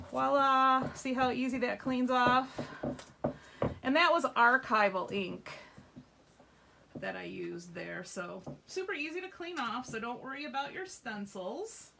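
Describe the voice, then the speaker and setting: A woman's voice: on the high side, a little slow, creaky, pauses often, bright, forceful tone, slight background noise. A woman hosting a live craft demonstration, chatty and upbeat, reassuring viewers as she shows a stamping technique. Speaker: craft workshop host. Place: craft store classroom.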